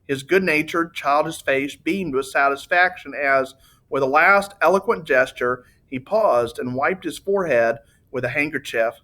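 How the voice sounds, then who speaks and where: Bright-voiced teacher reading aloud. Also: male voice, a little high. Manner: relaxed, unhurried, with fillers. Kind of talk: reading a novel aloud to students.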